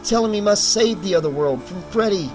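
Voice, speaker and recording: A man narrating a horror audiobook in an expressive, emphatic way, sometimes rising into loud cries. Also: high voice, a little fast, soft background music, low-quality recording. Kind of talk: dramatic audiobook reading.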